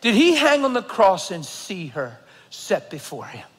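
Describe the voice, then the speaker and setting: Man, pastor preaching, high voice, lively storytelling, long church reverb. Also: measured pace. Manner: storytelling, swings between loud excited bursts and hushed earnest tones. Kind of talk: sermon. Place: large church hall.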